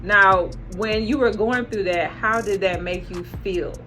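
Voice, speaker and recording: A woman's voice: medium pitch, measured pace, pushed and bright, faint music behind. A woman hosting a casual interview, encouraging and affirming her guest. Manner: encouraging, lots of affirming "right". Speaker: interview host.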